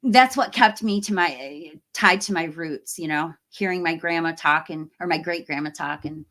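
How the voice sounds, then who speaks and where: She's a middle-aged woman hosting a horror live stream, speaking in a low, fairly bright voice at a moderate pace. Casually working through viewer comments, she laughs frequently and often leaves sentences unfinished.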